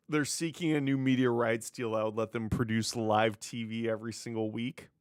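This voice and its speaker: Here a wrestling news podcast host riffs alone in casual commentary, sarcastic and quick to swear. His medium-pitched voice is clear and resonant, steady in tone at normal speed, in clean studio sound with no room noise.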